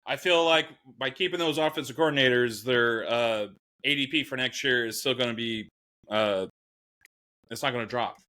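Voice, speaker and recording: A man's voice: mid-range voice, normal speed, bright, forceful tone. A man co-hosting a casual fantasy football chat, easygoing and agreeable, tossing in jokes. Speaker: fantasy football podcast co-host.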